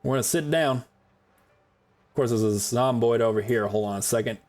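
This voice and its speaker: A man's voice: mid-range voice, normal speed, darkish tone, faint music behind. A man streaming a survival game live, rambling on in casual commentary and laughing often, a self-described yapper. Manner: chatty rambler, calls himself a yapper.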